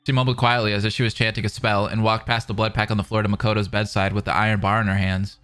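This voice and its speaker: A man's voice: lowish voice, level tone, quick pace, fairly bright tone, clean tone, soft background music. A young man streaming, reading a novel aloud between rambling, filler-heavy casual chat with viewers. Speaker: streamer reacting to a fan dub.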